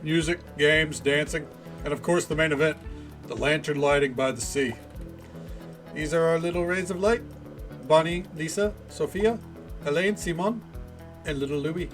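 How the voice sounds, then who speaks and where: A man voicing a cheerful French woman hosting a beach festival, with a deliberately clumsy put-on French accent and a bubbly, welcoming announcer tone. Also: a little high, faint music behind, natural voice. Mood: cheery welcoming. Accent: put-on French accent, poorly done. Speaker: reading game dialogue aloud.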